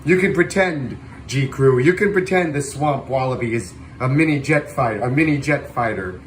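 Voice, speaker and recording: A man hosting a livestream, calling a virtual air show in playful announcer style with loud whoops. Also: medium pitch, normal speed, a little hiss or hum. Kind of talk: playful air show commentary over a flight sim stream.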